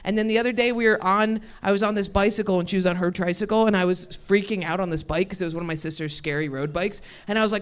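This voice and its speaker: A woman's voice: medium pitch, fast talker, hardly any pauses, clean tone. A woman stand-up comedian doing crowd work on a club stage, brash and laughing, swearing freely.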